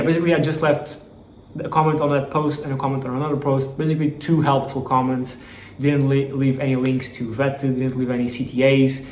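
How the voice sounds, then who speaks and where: A man's voice: medium pitch, darkish tone, a little hiss or hum. A man giving a casual, rambling vlog update as a startup founder, with lots of fillers and restarts. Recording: roomy echo, faint background ambience.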